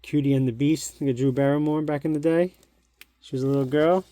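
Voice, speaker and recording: For his collectibles channel, a middle-aged man casually narrates while showing an old magazine at home, chatty, nostalgic, and thinking aloud. His voice is fairly high in pitch, steady and warm, a little fast, with a little hiss or hum.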